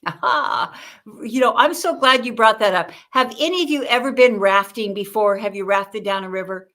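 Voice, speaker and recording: An older woman, a guest on an interview show, telling lively stories about communication and acting out the people she quotes. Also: mid-range voice, normal speed. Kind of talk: conversational interview with storytelling.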